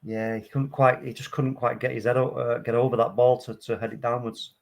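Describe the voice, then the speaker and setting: A man giving live, excitable commentary on a football match, calm play-by-play that flares into loud outbursts. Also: medium pitch, brisk, creaky. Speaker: watchalong host.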